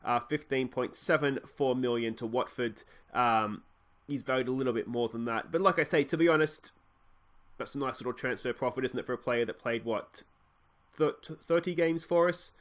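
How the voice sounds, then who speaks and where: A man's voice: medium pitch, moderate pace. An Australian man hosting a video game let's play, chatting casually and thinking aloud with frequent fillers.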